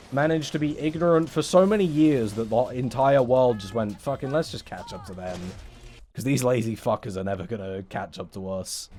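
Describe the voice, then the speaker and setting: A man's voice: medium pitch, darkish tone, a little hiss or hum. A young English man on a casual livestream, rambling in a sarcastic, sweary way. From England. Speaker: streamer.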